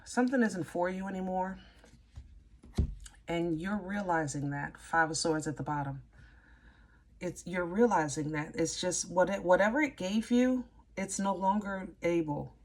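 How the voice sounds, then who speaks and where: A woman giving a casual tarot reading, chatty and easily excited, rambling and restarting as she talks through the cards. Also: on the low side, normal speed, slight background noise. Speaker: tarot reader.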